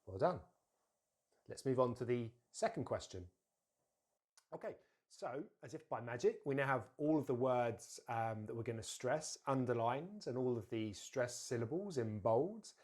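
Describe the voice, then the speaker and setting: Man teaching pronunciation, deliberate and clear. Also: mid-range voice, animated, a little mellow. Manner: slow, deliberate modelling of words with drills to repeat; explains plainly with frequent fillers and restarts. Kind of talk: pronunciation lesson.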